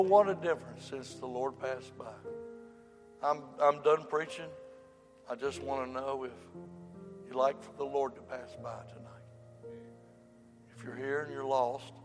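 A male preacher giving an impassioned revival sermon, swinging from loud shouts down to soft pleading. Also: mid-range voice, long reverb tail.

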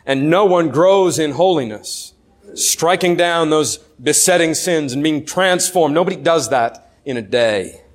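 A man preaching a sermon earnestly, asking the listeners questions and slowing down to stress key words. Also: fairly high pitch, lively intonation.

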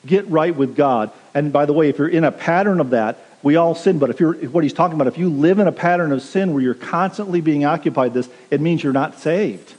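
A man's voice: fairly high pitch, fairly quick, few pauses, a little mellow. A pastor preaching a sermon, earnest and direct, urging his listeners plainly. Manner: earnest, direct exhortation with quoted asides. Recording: long reverb of a large hall.

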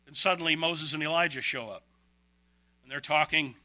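A man preaching an expository sermon, emphatic, with quick bursts and slow, stressed words. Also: a little high, bright, forceful tone, dry recording.

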